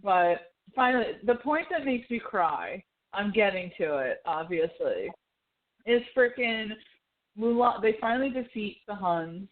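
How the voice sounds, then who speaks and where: A woman's voice: medium pitch, animated, measured pace. A woman co-hosting a podcast, chatting casually and emotionally, with lots of fillers and acted-out quotes. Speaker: podcast co-host. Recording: tinny phone-like audio.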